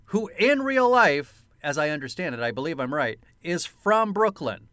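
Clean studio sound with no room noise carries this man's smooth, somewhat high voice at normal speed. He's a co-host on a casual film-review podcast who tells anecdotes with lots of swearing and laughter in an animated way.

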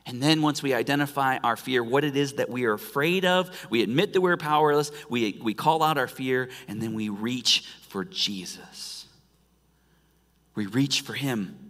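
A pastor delivers a sermon in a church sanctuary. His tone is bright and forceful, and he often drops from loud emphasis to near-whispers. The voice carries a long reverb from the hall. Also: medium pitch, normal speed.

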